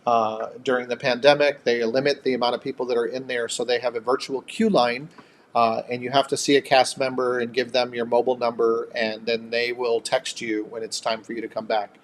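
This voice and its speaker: A man of medium pitch co-hosting a casual live chat. He talks in long, easygoing stretches, stopping to read out viewer comments and thank people by name. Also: little pitch movement, a little fast, slight background noise.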